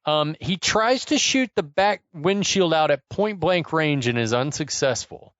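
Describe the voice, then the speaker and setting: A man's voice: a little high, animated, a little slow, fairly bright tone, no echo, lo-fi sound. A man co-hosting a podcast, animatedly recapping an action movie's chase scene in casual chat, swearing and incredulous. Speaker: podcast co-host.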